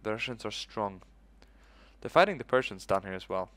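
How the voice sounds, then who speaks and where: A man's voice: fairly low pitch, lively intonation, moderate pace, a bit bright, no echo. A man giving casual let's-play commentary, thinking aloud in a loose, profane way. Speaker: gaming video host.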